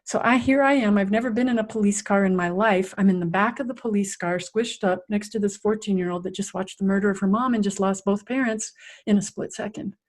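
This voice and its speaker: During an interview, this middle-aged resilience coach animatedly recounts something from her own life, acting out the scenes vividly. She talks fairly quickly, her pitch sitting in the medium range.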